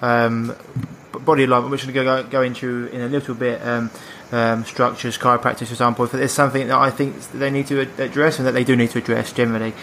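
A man's voice: mid-range voice, flat delivery, fast, few pauses, fairly bright tone, slight background noise. A man hosting a podcast, asking questions casually and restarting his sentences often. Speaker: podcast host.

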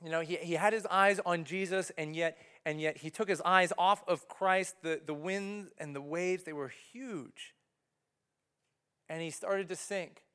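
A man's voice: sits high, steady tone, unhurried, bright, forceful tone, clear, resonant tone. A man preaching a conversational sermon to a church congregation, telling the story casually and acting out the people in it. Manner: casual storytelling, acts out voices of the people he describes. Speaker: pastor. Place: church service before a congregation. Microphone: body-worn microphone.

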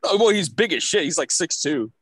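A man's voice: sits high, sing-song, a little fast, fairly bright tone, husky, no echo. A young man chatting and telling stories in a loose, amused way, with plenty of casual swearing. His voice is recorded close and dry, with no room sound. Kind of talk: casual storytelling chat.

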